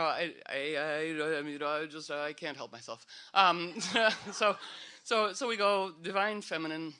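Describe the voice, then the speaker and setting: A man's voice: a little high, bright, forceful tone. A man speaking to a live audience in a meandering, playful way, full of fillers and restarts. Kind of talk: rambling, humorous talk to an audience.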